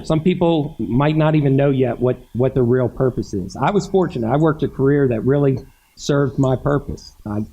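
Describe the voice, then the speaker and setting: Retired man, keynote speech, earnest and halting, a little high voice, mellow tone. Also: poor audio. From Frederick County, Maryland. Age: older. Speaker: keynote speaker.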